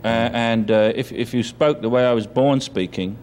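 An older man with a softened Cockney London accent, telling anecdotes in a chatty, repetitive interview style. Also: mid-range voice, normal speed, a little hiss or hum. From East End of London. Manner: chatty storyteller, chuckles, repeats himself. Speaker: interviewee actor.

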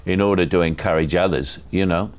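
A man with a Cockney accent, a guest in an interview, telling stories with lively mimicry. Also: low voice, fairly quick. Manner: animated storyteller, mocks impressionists with lively put-on voices. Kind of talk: casual interview chat.

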